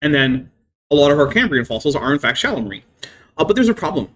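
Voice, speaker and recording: A man's voice: fairly high pitch, big pitch swings, fast talker, fairly bright tone. A man hosting a live stream, explaining science at length with many "I mean" fillers. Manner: careful, lecturing explanations. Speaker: livestream host.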